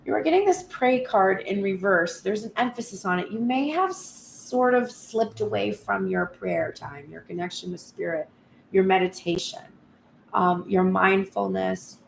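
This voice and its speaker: Gravelly tarot-reading woman, animated and blunt. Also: medium pitch, a little slow, slight background noise. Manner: animated, swears freely, acts out pleading voices. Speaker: tarot reader. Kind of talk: casual spoken tarot reading.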